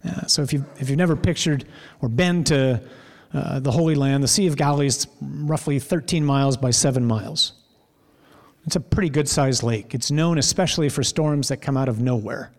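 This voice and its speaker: A man's voice: medium pitch, moderate pace, long reverb tail. A man preaching a sermon in a church, telling a story vividly and drawing out key words for emphasis.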